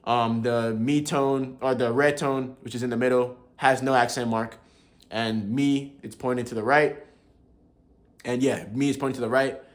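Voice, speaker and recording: At normal speed and with a level tone, a young man of medium pitch casually teaches tones to his viewers. He's a language learner who chats in a laid-back way, chuckling often and calling them bro.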